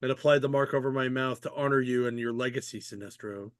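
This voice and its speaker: A man's voice: medium pitch, fairly even intonation, fast talker, clean tone, no room sound, studio quality, natural voice. A man loosely voicing an earnest young male alien from a comic, quoted in casual retelling, formal and deferential.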